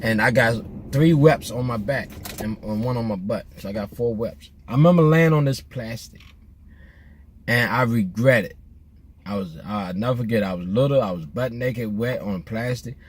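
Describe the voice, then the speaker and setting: A middle-aged man, talking in a car. His voice is husky and a little breathy, and his pitch sits in a plain middle range. He tells stories in a laid-back, rambling way, with jokes, slang and restarts. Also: moderate pace. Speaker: vlogger. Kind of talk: casual storytelling while driving.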